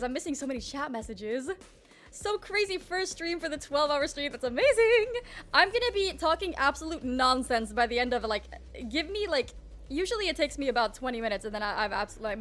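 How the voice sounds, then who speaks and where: A woman's voice: sits high, brisk, fairly bright tone, a little hiss or hum. A young woman streamer with a groggy morning voice, chatting in a rambling, casual way and greeting her chat. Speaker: livestreamer.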